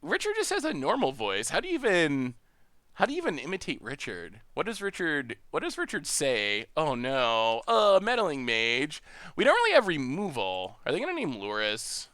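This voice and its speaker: A man's voice: on the high side, huge pitch swings, normal speed, sharp tone, no echo. A man with an upstate New York accent hosting a live stream, chatting and thinking aloud as he plays a card game and laughing often. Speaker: stream host. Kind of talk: live-stream gameplay commentary.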